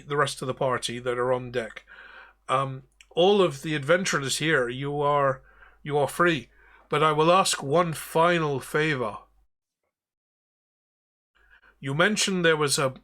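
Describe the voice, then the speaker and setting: A man narrating a tabletop game as game master, unhurried and often stopping to correct himself. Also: on the high side, pushed and bright.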